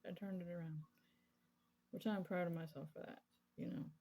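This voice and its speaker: A woman's voice: on the low side, steady tone, moderate pace, mellow, poor audio. A woman in her thirties casually telling a candid, rambling personal story, full of fillers, while crafting at her desk. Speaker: crafting vlogger.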